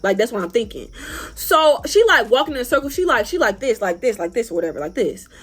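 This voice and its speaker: A young woman telling a story to her vlog audience in an animated, profane, casual way. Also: fairly high pitch, fast, breathy edge. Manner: animated, profane, acts out other people's lines. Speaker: vlogger.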